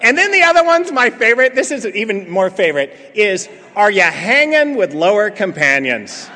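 A middle-aged recovery-meeting speaker entertains a meeting hall with humorous stories, playing out dialogue and bantering with listeners. His voice sits high, sing-song and sharp at a moderate pace. Slight background noise, reverb and laughter come through.

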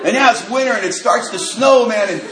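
A man speaking to an audience at a recovery meeting, telling a personal story with lively acted-out dialogue. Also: sits high, a little fast, music in the background. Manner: animated storyteller acting out quoted dialogue. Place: large meeting hall. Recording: echoey hall with faint noise.

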